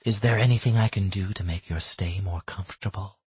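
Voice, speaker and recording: Male narrator doing a creepy, raspy woman clerk, low and gruff, menacing lectures, dry dull audiobook sound. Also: brisk, a little mellow, dry recording, heavily acted. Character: eerie red-haired woman receptionist, unhinged, preachy.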